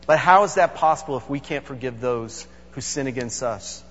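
A man's voice: mid-range voice, normal speed, a bit bright, slight background noise. A man preaching a sermon as a pastor, earnest and emphatic, addressing his congregation directly. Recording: echoey hall, dull sound.

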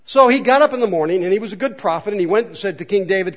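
A man's voice: sits high, animated, quick pace, few pauses, lo-fi sound. A man preaching a sermon in a chapel, talking conversationally and asking the congregation questions. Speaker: pastor. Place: church chapel.

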